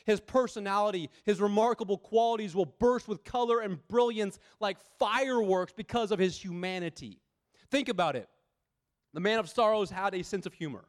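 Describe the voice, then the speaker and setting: A man preaching a sermon, earnest and emphatic, talking conversationally with rhetorical questions and moving between loud and quiet passages. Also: high-pitched.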